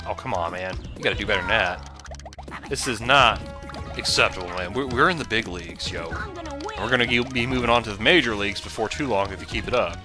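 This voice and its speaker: Low-voiced rambling gameplay commentator. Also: male voice, fairly quick. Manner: rambling, chatty, drifts into tangents. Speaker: let's play commentator. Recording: game music behind the voice.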